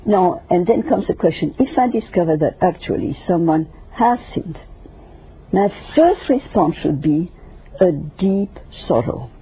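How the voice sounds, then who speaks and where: An older woman guest in an interview discussion, speaking emphatically and lecturing in numbered points with a raspy, gravelly voice. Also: on the low side, expressive, a little slow. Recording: dull lo-fi radio recording.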